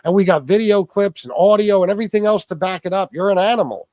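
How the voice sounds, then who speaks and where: A man's voice: high voice, quick pace, a little mellow, dry recording, studio quality. Angry profane man ranting on a livestream. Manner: combative, profane, repeats himself. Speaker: livestream host.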